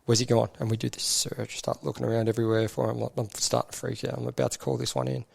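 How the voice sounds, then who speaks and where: A man's voice: medium pitch, level tone, fast talker, vocal fry, slightly rough. A middle-aged man, a podcast guest and army veteran telling stories casually, acting out quoted voices and swearing freely. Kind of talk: casual storytelling interview.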